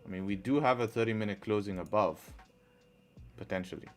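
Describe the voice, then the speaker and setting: Low-voiced man commentating live trades. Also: brisk, faint music behind. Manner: thinks aloud, reads chat, groans over trades. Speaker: trading live-streamer. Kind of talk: casual live-stream commentary.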